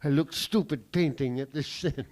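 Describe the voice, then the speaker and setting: A man voicing an aggrieved French man recalling his boyhood, with a put-on French accent and deadpan, indignant delivery in a standup bit. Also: fairly high pitch, moderate pace, lightly acted. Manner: indignant, deadpan storytelling with profane punchlines.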